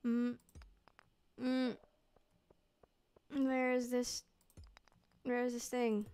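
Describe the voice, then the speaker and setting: Slow, playful young woman streamer. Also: on the high side, steady tone, a little mellow, smooth. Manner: playful, talks to herself, mock-archaic phrases. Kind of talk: casual gameplay commentary. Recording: faint game music behind.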